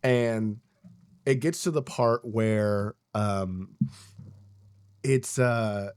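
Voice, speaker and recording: A man's voice: fairly low pitch, very slow, a little mellow, clear, resonant tone. Young man, podcast co-host, casual rambling chat, heavy swearing, filler words.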